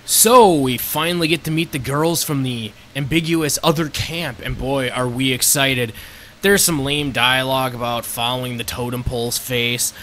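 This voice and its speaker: A man narrating a sarcastic, crude comedic review of a movie, with sudden loud outbursts. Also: medium pitch, fairly even intonation, moderate pace, a little hiss or hum.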